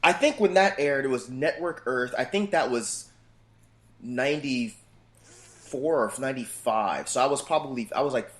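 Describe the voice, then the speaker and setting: A man's voice: medium pitch, moderate pace. A man in his thirties chatting casually as a guest, loose and profane, telling stories about his family. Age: 30s. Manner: loose, profane, animated storytelling. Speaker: podcast guest. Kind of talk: casual chat.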